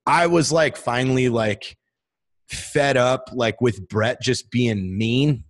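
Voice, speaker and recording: A man's voice: mid-range voice, slow. Profane, rambling storyteller man. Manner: profane, heavy use of "like" fillers. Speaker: military veteran guest. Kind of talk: casual storytelling.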